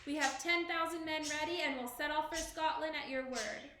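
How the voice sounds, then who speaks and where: A woman reading as a steady young prince. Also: high-pitched, normal speed, reverberant, a little hiss or hum, voice pushed up. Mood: resolute.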